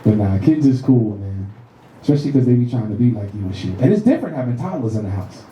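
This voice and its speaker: A man in his thirties doing a profane, animated stand-up set in a comedy club, acting out voices as he tells stories. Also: mid-range voice, quick pace, highs cut off, a little hiss or hum. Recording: roomy club sound from a distant mic.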